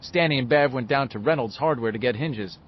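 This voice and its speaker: A man voicing a cocky boy who talks in quick, teasing jokes, in a slightly muffled recording. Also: medium pitch, close to an everyday voice. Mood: wisecracking.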